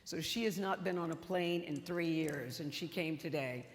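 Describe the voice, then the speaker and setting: A woman's voice: sits low, moderate pace, heavy background noise. An older woman giving an acceptance speech on stage, emotional and chatty, telling funny stories to the audience. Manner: emotional, chatty storytelling with humor. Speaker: award honoree. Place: stage in a large auditorium. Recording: reverberant hall with live audience.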